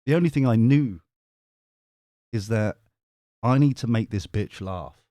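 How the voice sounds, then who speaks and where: A man's voice: mid-range voice, lively intonation, unhurried, dark tone, no echo, studio quality. A middle-aged man telling a rambling story on a live stream, full of restarts and casual swearing. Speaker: tarot reader and live streamer.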